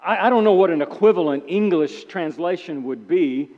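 A man preaching a sermon in an animated way, acting out the characters' complaints with sudden emphatic outbursts. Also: sits high, normal speed. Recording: dull sound with long hall reverb.

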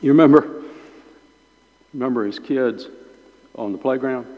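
Man, informal teaching sermon, halting and repetitive, unhurried, reverberant church hall. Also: medium pitch, vocal fry. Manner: halting, repeats words while thinking aloud. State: chewing gum in his mouth. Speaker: pastor leading a Bible class. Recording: dull lo-fi sound with long hall reverb.

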